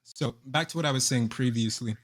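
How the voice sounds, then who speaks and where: A man's voice: mid-range voice, brisk, slight background noise. A man in an online debate, mock-polite, reading out numbered premises and chuckling between them. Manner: mock-polite, reads premises aloud with laughs. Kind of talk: online debate, reciting a formal argument.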